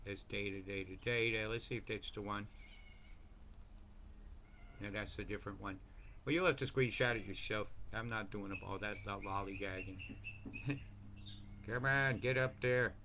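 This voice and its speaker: A man giving a rambling, profane commentary over weather maps, swinging between mumbled asides and loud rants. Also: lowish voice, fairly even intonation, moderate pace, long pauses, a little hiss or hum. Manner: profane, ranting, jumps between mumbling and bursts.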